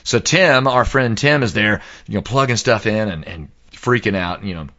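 A man casually telling an animated anecdote, acting out the people in it and singing sound effects. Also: lowish voice, moderate pace, muffled recording. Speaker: storyteller.

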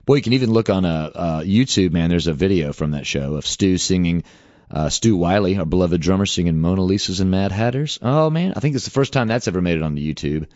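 Rambling man, lively low voice. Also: fairly quick, dull audio. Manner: animated, rambling, peppered with "man" and "dude". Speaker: band frontman telling road stories. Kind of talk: casual storytelling monologue.

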